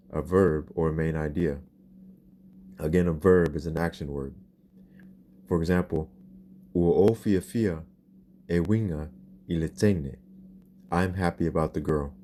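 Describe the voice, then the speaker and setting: A man narrating a language lesson in a scripted instructional style, explaining slowly and carefully and spelling out words. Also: sits low, warm tone, slight background noise. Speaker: language teacher.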